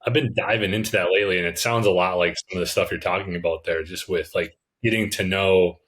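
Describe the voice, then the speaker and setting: A man hosting a podcast, relaxed, asking his guest follow-up questions. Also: deep voice, fast talker. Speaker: podcast host. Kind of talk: casual podcast conversation.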